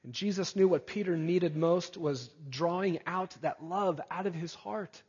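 A male preacher giving an earnest sermon, rising to emphatic peaks and dropping soft again. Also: high voice, a little slow, slightly rough. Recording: dull sound with long hall reverb.

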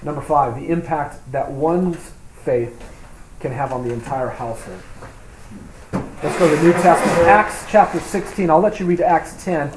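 A man preaching a sermon, reading scripture aloud and explaining it, moving between loud emphatic reading and quiet, low asides. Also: moderate pace. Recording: echoey room with faint hum.

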